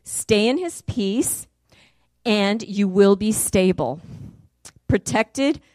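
A middle-aged woman preaches to her congregation, chatty in one breath and fervent in the next, her pitch and volume climbing as her story builds. Her voice sits in a plain middle register and is recorded close and dry, with no room sound around it. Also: drawn-out words, no echo. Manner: animated, rising loud and high in the story. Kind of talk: sermon with testimony.

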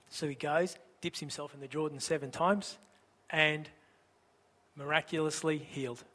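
Male pastor with a high bright voice, chatty storytelling sermon, long church reverb. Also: fairly even intonation, normal speed. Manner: conversational storytelling, rhetorical questions.

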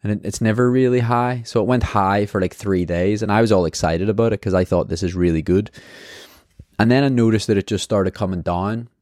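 Brief: Australian male podcaster, low mellow voice, dry close sound, candid and rambling. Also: brisk, few pauses, no echo. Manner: candid, rambling, swears freely. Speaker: podcast host. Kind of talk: casual race debrief.

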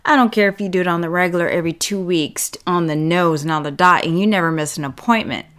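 A woman vlogger talking straight to the camera, blunt and sarcastic, stressing her words and leaving long pauses. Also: lowish voice, a bit bright, clear, resonant tone. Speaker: relationship and self-care vlogger. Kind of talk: casual direct-to-camera monologue.

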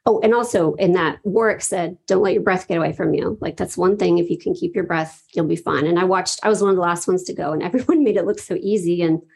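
Husky woman telling a heartfelt story. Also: fairly low pitch, quick pace, hardly any pauses, a little mellow. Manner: emotional, laughs often, acts out her own reactions. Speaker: event participant sharing her story. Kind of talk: casual personal storytelling.

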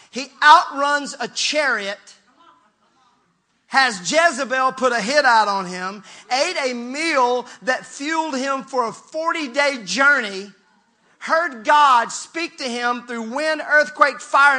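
A man preaching a sermon as pastor, animated, swinging from soft asides to shouts and joking with the congregation, his throat a little strained. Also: extremely high pitch.

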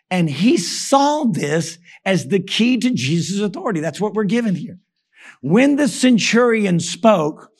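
Emphatic gravelly-voiced male preacher. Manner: emphatic preaching, repeated call-and-response "Amen?"; rises to shouts for emphasis, drops low and soft. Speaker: pastor. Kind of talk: sermon.

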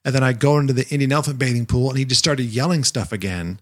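A man's voice: mid-range voice, quick pace. A man co-hosting a podcast, telling a long story in casual chat and acting out the quotes as he goes. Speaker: podcast co-host, former Jungle Cruise skipper.

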